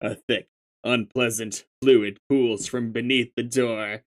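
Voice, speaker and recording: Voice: medium pitch, fairly even intonation, slow pace. A reader going through a webcomic aloud, mixing narration with casual, profane commentary. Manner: casual, profane, laughs often. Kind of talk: reading a comic aloud with commentary.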